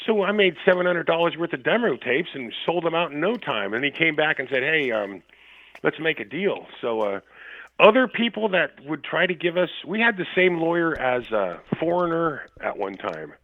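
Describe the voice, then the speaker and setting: A man's voice: on the high side, big pitch swings, moderate pace, no echo. A man talking as a guest musician in a radio interview, telling loose, profane anecdotes with laughs mixed in. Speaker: band member guest. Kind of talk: casual interview storytelling. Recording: tinny phone line.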